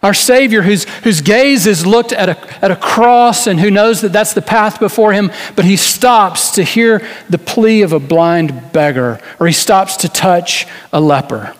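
A man's voice: high-pitched, measured pace, hardly any pauses, in a large hall. A man preaching a sermon in an earnest way, asking rhetorical questions and restarting small phrases as he goes. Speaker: pastor.

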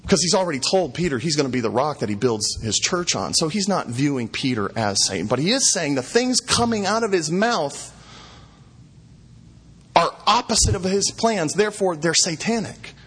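Husky-voiced man preaching a sermon. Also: fairly high pitch, sing-song, normal speed, a bit bright. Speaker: pastor.

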